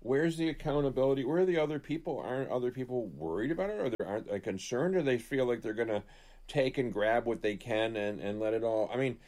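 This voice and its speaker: A man chatting about politics on a talk show, with a voice of ordinary middle pitch. He rambles, starts sentences over, and slips into little acted-out quotes as he tells a story. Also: expressive, fast, darkish tone. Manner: rambling, restarts often, acts out quotes.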